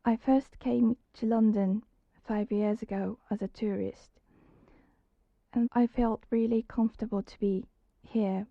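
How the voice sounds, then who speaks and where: A young woman with a Japanese accent, native speaker of Japanese, telling her own story slowly and hesitantly, in a soft voice. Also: on the high side, fairly even intonation, no echo. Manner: slow, hesitant, soft-spoken. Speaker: interviewee. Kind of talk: personal account. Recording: dull lo-fi recording.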